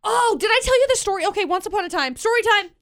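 A woman co-hosting a radio show, telling animated stories and laughing often. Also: very high voice, quick pace, no echo, clean studio sound. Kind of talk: casual radio banter and anecdote. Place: radio studio.

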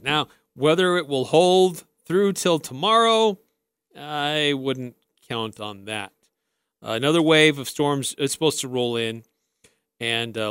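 A man's voice: fairly high pitch, fairly bright tone, smooth, no echo. A man hosting a sports talk radio show in a studio, friendly and chatty, often restarting his sentences.

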